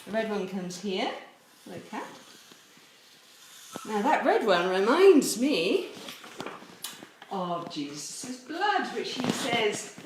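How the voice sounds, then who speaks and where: Slow and sing-song, with long pauses, a woman's mid-range voice leads a children's chapel assembly filmed at home, both inside and out on a garden course. She cheerfully, playfully explains games step by step in this home video lesson. A helper films from some way off, leaving the audio echoey, distant and faintly noisy.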